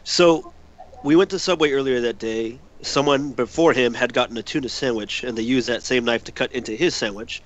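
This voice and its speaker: A man's voice: mid-range voice, brisk. A man co-hosting a casual podcast, telling a swear-filled story and acting out what people said. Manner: animated storyteller, swears, acts out quotes. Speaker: podcast co-host. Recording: dull lo-fi sound with faint noise.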